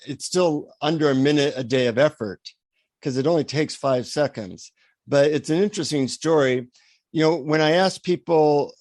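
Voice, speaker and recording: A man telling a personal story as a podcast guest, acting out the dialogue in a lively, anecdotal way. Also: a little high, no echo. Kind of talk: storytelling in an interview.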